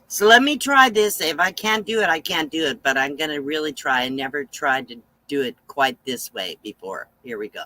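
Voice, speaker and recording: A man hosting a live stream, chatting casually and greeting viewers one by one, with many fillers and pauses. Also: fairly high pitch, expressive, bright, forceful tone, no room sound, poor audio. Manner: unhurried, halting, with many fillers. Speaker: channel host on a live stream.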